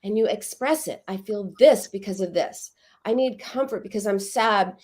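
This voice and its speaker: Middle-aged woman talking therapy in an interview, lively storyteller, slips into voices for examples. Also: medium pitch, moderate pace. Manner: animated storytelling, acts out quoted voices. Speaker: psychoanalyst guest. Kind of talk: interview conversation.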